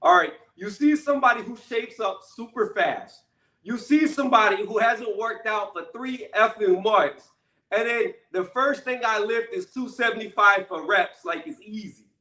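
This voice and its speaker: A man with a high, tense, bright voice delivers a blunt commentary rant, pressing each point and tagging it with "okay?" or "right?". The sound is roomy and echoing, with the mic set back from him. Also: moderate pace. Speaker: channel host. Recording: echoey room, mic at a distance.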